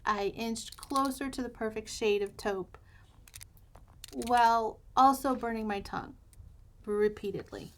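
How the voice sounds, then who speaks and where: A woman's voice: on the high side, a little slow. Chatty American woman telling a story. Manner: chatty, wry, humorous storytelling. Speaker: journaling channel host. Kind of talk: casual storytime while journaling.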